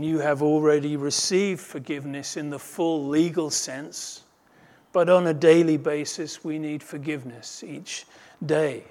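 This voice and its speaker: A male pastor preaching an expository sermon in an earnest way, working through a scripture passage verse by verse. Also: darkish tone. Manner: earnest expository preaching, rises in pitch when retelling parables.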